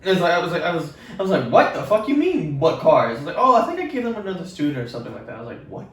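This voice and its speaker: Animated, profane young man, echoey room. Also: fairly high pitch, racing, far from the mic. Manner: rambling, profane, animated retelling. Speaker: podcast co-host. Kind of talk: casual storytelling chat.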